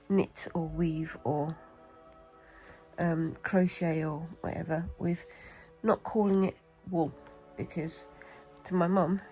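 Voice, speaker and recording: A British craft vlogger with a cold chats and rambles casually while demonstrating a craft, talking to herself as she works. Her voice sits on the low side with a warm tone, and the recording quality is low.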